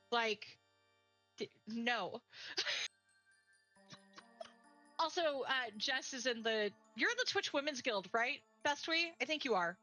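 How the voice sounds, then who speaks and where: A woman with a bright, somewhat high voice tells a long, rambling story on a casual stream. She acts out what her friends said. Faint music plays behind her. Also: poor audio. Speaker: co-streamer, game jam teammate.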